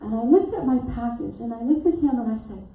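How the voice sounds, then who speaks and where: Warm-toned woman minister in an echoey hall. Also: fairly high pitch, fairly quick. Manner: animated storyteller who acts out quotes and laughs often. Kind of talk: storytelling sermon. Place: church sanctuary. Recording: echoey hall mic from a distance.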